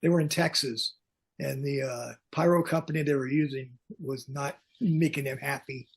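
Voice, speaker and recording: An older man, a concert pyrotechnics veteran, telling lively backstage stories as a podcast guest and acting out the lines he quotes. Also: mid-range voice, normal speed, breathy edge. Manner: animated anecdotes, acts out quoted lines. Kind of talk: storytelling in a podcast interview.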